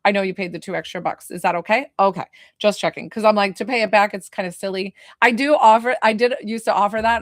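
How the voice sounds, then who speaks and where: A woman's voice: mid-range voice, fairly even intonation, quick pace, no echo, studio quality. A woman working as a spiritual medium, giving a chatty, emotional reading on a live stream and laughing often.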